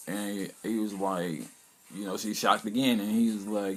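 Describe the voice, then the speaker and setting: A man's voice: lowish voice, flat delivery, normal speed. A man casually recapping an anime episode, rambling along with lots of "you know" and "um". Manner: rambling, loose retelling packed with "you know" and "um". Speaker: anime reviewer.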